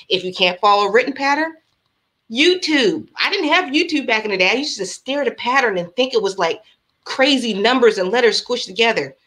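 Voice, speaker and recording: A woman's voice: fairly high pitch, fairly bright tone. A woman hosting a crochet livestream, chatting casually and bubbly with her viewers and reading out patterns.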